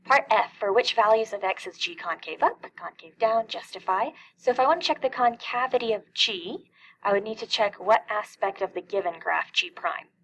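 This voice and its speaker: A woman's voice: medium pitch, animated, normal speed, a bit bright, poor audio. A middle-aged woman teaching a calculus lesson, explaining each step and asking questions that she then answers herself. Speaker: math teacher.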